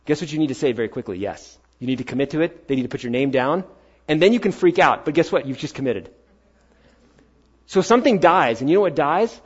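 A male pastor preaching a sermon, firing rhetorical questions and swinging between loud pushes and hushed asides. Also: a little high, lively intonation, fast talker, breathy edge, muffled recording.

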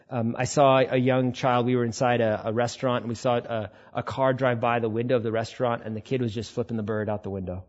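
Male pastor, husky, chatty preaching style with animated quoted asides, dull lo-fi church recording. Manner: conversational preaching, acts out quotes with sudden high bursts. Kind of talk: sermon.

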